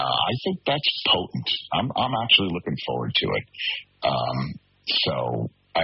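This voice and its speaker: A man's voice: sits low, breathy edge, no echo. A man, a sports talk host, chatting casually by remote call with many fillers and rambling asides. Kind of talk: casual chat. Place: hallway of a shopping building. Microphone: remote call with weak signal. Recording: dull lo-fi remote call audio.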